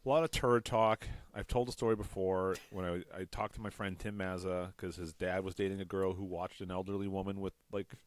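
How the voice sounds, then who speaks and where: A man's voice: low voice, flat delivery, fairly quick, few pauses, no room sound. A man hosting a comedy podcast, telling a rambling, self-mocking story in casual chat. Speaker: podcast host.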